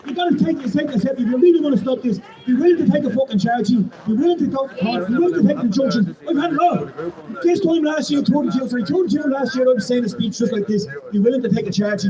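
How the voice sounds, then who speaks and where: A high-pitched Irish man rattles off a rousing, swear-laden speech at rapid speed. His voice comes from some distance away and echoes around an outdoor street, with a loud crowd around him. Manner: profane, rousing, rising to shouts. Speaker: protest speaker. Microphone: public microphone and PA.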